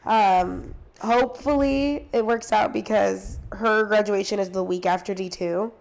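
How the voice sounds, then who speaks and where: A woman's voice: medium pitch, unhurried, gravelly, a little mellow. A young woman in her twenties co-hosting a podcast, chatting casually with many filler words and laughing asides. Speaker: podcast co-host, cheer coach. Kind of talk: casual chat.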